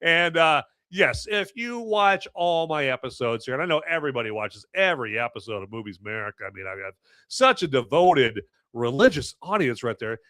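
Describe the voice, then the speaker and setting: A man's voice: mid-range voice, big pitch swings, brisk, sharp tone, no room sound, studio quality. A man hosting a live podcast, chatting casually in a rambling, self-mocking way with jokey asides. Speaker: podcast host reviewing movies and beer. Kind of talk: casual live-stream chat.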